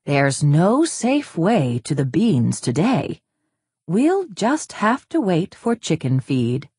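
A woman's voice: fairly low pitch, big pitch swings, slow pace, dark tone, slightly rough, no room sound, clean studio sound, full character voice. A woman voicing an anxious, cautious mother hen in a read-aloud storybook. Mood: worried. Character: fussy worried mother hen.

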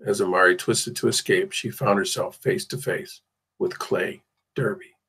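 A man reads a novel aloud in a low, husky voice. His narration stays steady and measured, with an occasional slip and restart. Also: poor audio. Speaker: audiobook reader. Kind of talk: audiobook narration.

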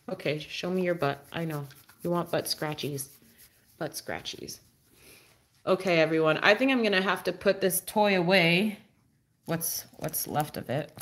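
A woman's voice: measured pace, pauses often, fairly bright tone. A woman hosting a casual live stream with her dog, chatting to viewers and talking to the dog in a playful, sing-song voice. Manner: baby-talks to her dog, swings up high and playful; answers chat viewers with fillers and restarts.

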